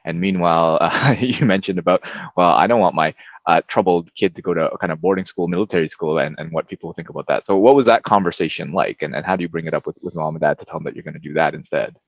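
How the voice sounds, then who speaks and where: A man hosting a podcast, asking questions quickly and often repeating his first words. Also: deep voice, creaky, no room sound, muffled recording. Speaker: podcast host. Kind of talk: interviewing.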